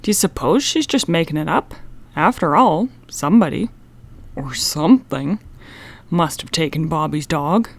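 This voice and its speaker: A woman's voice: sits low, animated, moderate pace, creaky, full character voice. A woman reading an audiobook, voicing a nervous teenage boy who talks in a worried, jumpy way.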